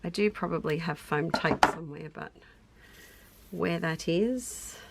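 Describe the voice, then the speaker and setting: Unhurried Australian crafter, middle-aged, gravelly tone, chatty and self-amused as she thinks aloud. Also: deep voice, a little hiss or hum. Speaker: craft YouTuber. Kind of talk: casual crafting narration.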